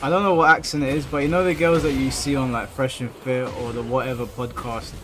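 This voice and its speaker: Man, British accent, casual stream host, reads chat aloud, mid pitch, music playing behind. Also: fairly even intonation, brisk, a bit bright. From United Kingdom. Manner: chatty, reads viewer comments aloud and answers them. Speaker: streamer hosting an online tournament.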